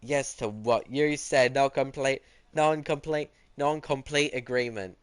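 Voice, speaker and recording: A man's voice: medium pitch, measured pace, clear, resonant tone, dry recording. A teenage boy streaming a game, chatting casually and teasingly as he answers his viewers. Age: teens. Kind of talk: casual chat while gaming.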